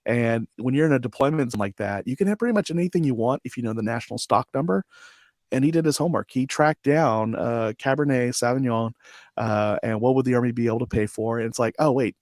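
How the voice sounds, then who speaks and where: A man in his forties tells a personal story as a podcast guest, acting out the people he quotes with lively shifts in voice. His voice sits in a middle register. The recording is close and dry, with no room sound. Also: medium pitch, fast, dry recording. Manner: animated storyteller, acts out quotes with laughter. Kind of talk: storytelling interview.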